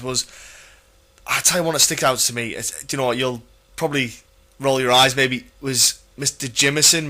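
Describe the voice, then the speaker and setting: Eager, bright-toned podcast host. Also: male voice, mid-range voice. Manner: eager, stumbles and restarts often. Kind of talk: casual chat.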